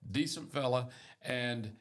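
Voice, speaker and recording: A man's voice: medium pitch, slow. An older man co-hosting a morning show, telling a rambling story with wry humor in casual chat.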